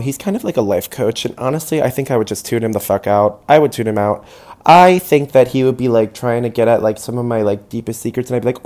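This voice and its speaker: A man's voice: medium pitch, a little mellow. Rambling sarcastic man hosting a podcast. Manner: rambling, self-deprecating, sarcastic, swears freely. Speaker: podcast host. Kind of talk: solo comedic monologue.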